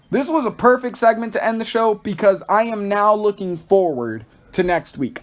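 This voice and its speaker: A young man from Texas hosting a solo podcast review, excitable and rambling, peppering his talk with "like.". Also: high voice. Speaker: podcast host.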